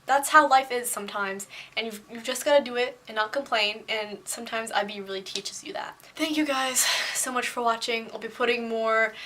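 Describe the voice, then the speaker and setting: A young woman talks straight to her viewers in a chatty, candid vlog. She is pitched a little high and sounds bright and forceful, and she scatters fillers and restarts through her talk. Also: normal speed, hardly any pauses. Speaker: vlogger. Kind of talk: casual talking-head vlog.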